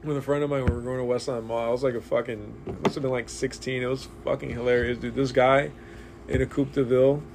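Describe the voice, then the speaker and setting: A man, telling stories in a profane, animated way while hanging out at a comic shop. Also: mid-range voice, fast, creaky, background noise. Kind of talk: casual chat.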